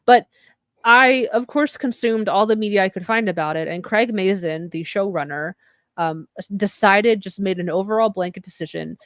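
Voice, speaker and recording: A woman's voice: mid-range voice, moderate pace, no echo. A woman co-hosting a podcast, chatting casually and laughing often. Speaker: podcast co-host. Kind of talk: casual chat.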